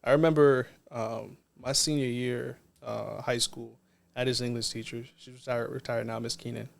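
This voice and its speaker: Gravelly, flat-voiced man telling stories. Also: mid-range voice, a little hiss or hum. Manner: earnest, reflective, unhurried. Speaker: non-profit co-founder, podcast guest. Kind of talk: casual storytelling interview.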